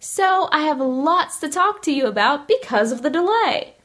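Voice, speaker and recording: A woman's voice: sits high, animated, normal speed, fairly bright tone. A young woman hosting a podcast, a little congested, chatting in a rambling, upbeat way. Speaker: podcast host. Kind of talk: casual chat.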